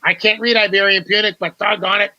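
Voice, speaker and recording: A man's voice: sits high, flat delivery, a little fast, pushed and bright, dry recording, dull audio. A man, a guest author on a talk show, telling a story with animation, repeating words and acting out quoted dialogue.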